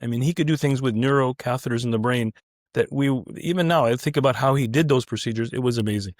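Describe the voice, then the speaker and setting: A middle-aged man, a physician guest in an interview, telling stories in a casual, animated way with many restarts. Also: medium pitch, fast talker, no echo, clean studio sound. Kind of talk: casual anecdotal storytelling.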